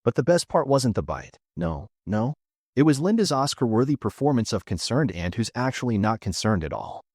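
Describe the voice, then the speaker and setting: A man tells a reddit story with dry sarcasm, his pitch bouncing lively up and down. His voice is close and dry, with no room sound around it. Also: moderate pace, no room sound. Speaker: narrator. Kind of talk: scripted narration of a reddit story.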